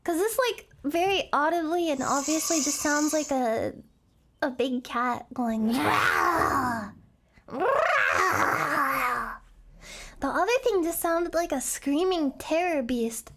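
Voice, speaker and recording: A woman's voice: high-pitched, unhurried. A young woman streamer chatting casually as she reacts to videos, giggling and playfully imitating animal screams. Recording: noisy stream audio.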